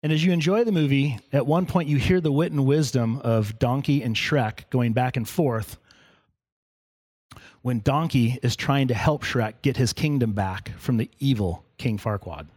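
A man's voice: medium pitch, moderate pace, a little mellow. A man preaching in a church in a conversational sermon, with humorous asides to the congregation. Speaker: pastor.

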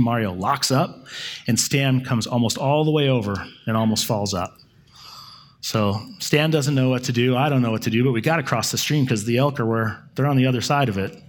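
A man preaching a sermon in a conversational, storytelling way, correcting himself and pausing for effect. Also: mid-range voice. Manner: conversational, with self-corrections and dramatic pauses.

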